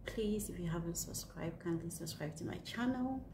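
A woman's voice: fairly low pitch, moderate pace. A young woman from Ghana vlogging to camera, emphatic and aggrieved, often repeating herself. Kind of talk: casual vlog monologue. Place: indoors in a house. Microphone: camera on a stand. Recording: echoey room with faint background noise.

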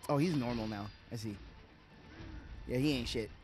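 A man's voice: mid-range voice, normal speed, darkish tone, soft background music. A man giving casual, profane live commentary while playing a video game, chatting to himself and to the game. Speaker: streamer.

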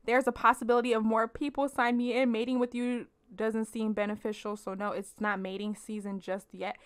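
A young woman casually commenting on her life-sim game for viewers, animated, laughing and slangy. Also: fairly high pitch, fairly quick, clear, resonant tone. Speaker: let's play host.

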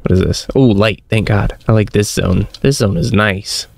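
A man's voice: lowish voice, moderate pace, creaky. A young man commenting on a horror shooter as he plays, with jumpy, self-mocking reactions. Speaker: gaming streamer. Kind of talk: let's-play commentary.

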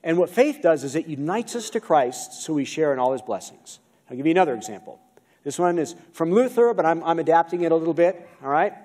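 An American man delivers a sermon in a church, his pitch sitting high and swinging widely between phrases. He keeps the congregation involved, asking questions as he explains each point. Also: fairly quick. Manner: animated preaching, asks the congregation questions. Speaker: pastor. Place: church sanctuary. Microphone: video-recorded pulpit mic.

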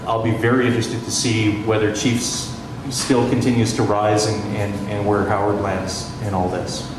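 A middle-aged radio journalist telling anecdotes on a panel, chatty, laughing often and restarting his sentences. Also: on the low side. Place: panel discussion in a large echoey room. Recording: echoey hall from far off, noisy.

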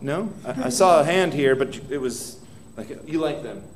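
With big pitch swings at a moderate pace, a man with a slightly high voice preaches dramatically as a pastor in a church hall. He asks the congregation direct questions and speaks prayers aloud with escalating intensity.

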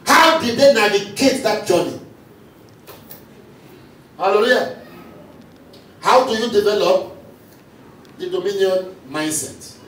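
A man's voice: high-pitched, lively intonation, takes it slowly, long pauses, fairly bright tone. A male pastor preaching a sermon, calling out lines and repeating them for the congregation to answer. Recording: echoey hall from far off, faint noise.

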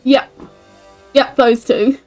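Woman, casual gaming chat, high voice, slow pace, short remarks. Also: steady tone, darkish tone, faint music behind.

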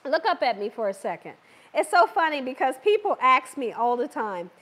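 Chatty high-voiced woman cooking host. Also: big pitch swings, normal speed, fairly bright tone. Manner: chatty, laughs often, reads viewer comments aloud. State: losing her voice a little. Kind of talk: live cooking stream chat. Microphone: wearing a microphone.

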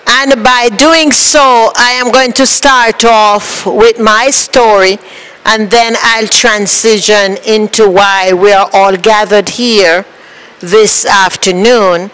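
A woman with a Jamaican accent giving a speech as guest speaker, measured and deliberate. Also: medium pitch, fairly even intonation, fairly bright tone, clear, resonant tone, poor audio. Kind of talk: public speech.

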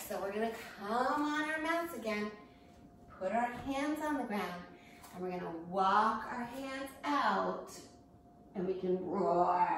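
A woman teaching a children's yoga lesson, gently encouraging young kids through breathing and animal poses. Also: medium pitch, a little hiss or hum. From United States. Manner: gentle, encouraging, slow and patient. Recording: very echoey room, voice from far off.

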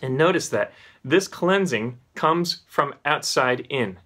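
Animated preacher with a higher voice. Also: male voice, slow pace. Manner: animated, with wide swings in pitch for emphasis; explanatory, teaching tone. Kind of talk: sermon.

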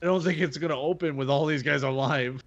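Sarcastic guy gaming with buddies, gravelly fry in his voice. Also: a little high, a little fast, dry recording, dull audio. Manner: sardonic. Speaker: player. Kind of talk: casual gaming chat.

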